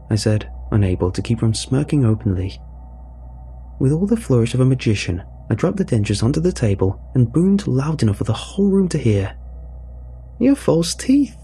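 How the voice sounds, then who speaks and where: A man narrating a first-person story in a measured, dry way. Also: mid-range voice, warm tone, slight background noise.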